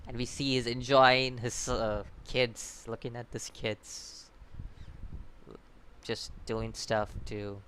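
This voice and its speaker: A man's voice: medium pitch, sharp tone, clear, resonant tone. A man hosting a casual video review, rambling, laughing often and swearing as he restarts his sentences. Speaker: anime reviewer, channel host.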